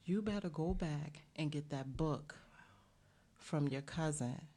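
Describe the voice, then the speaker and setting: A woman's voice: low-pitched, takes it slowly, dark tone. A middle-aged woman from the United States, talking as a guest in an interview and telling an earnest story with many fillers. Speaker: bakery owner, guest.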